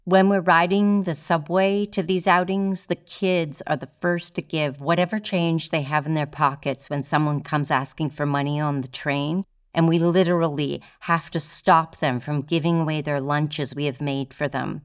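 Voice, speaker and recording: Low, smooth-voiced woman telling her story. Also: fairly even intonation. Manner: measured, deliberate, with weighty pauses. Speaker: solo performer telling her own story. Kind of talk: first-person storytelling performance.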